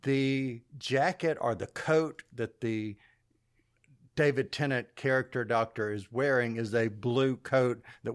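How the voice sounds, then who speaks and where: Enthusiastic male podcast host. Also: medium pitch. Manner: enthusiastic, speculative, asks the panel questions. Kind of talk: casual podcast discussion.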